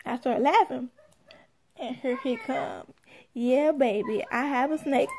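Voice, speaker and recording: Young woman, AAVE, high gravelly voice, sassy storyteller acting out quotes. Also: moderate pace. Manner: animated, sassy, acts out quotes. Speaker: mother telling a story. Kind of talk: casual storytelling.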